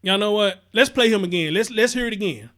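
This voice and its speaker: A man's voice: high voice, brisk, pushed and bright. A man hosting a live-stream commentary show, talking passionately and profanely and repeating himself as he reacts to viewer comments.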